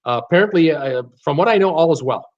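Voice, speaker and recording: A man with a slight Canadian accent chats casually on a live stream, reading viewer comments aloud and laughing often between his many fillers. His voice sits fairly high. The audio is dull and lo-fi, recorded at home by his computer. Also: lively intonation, fast. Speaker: cruise channel host reading live chat.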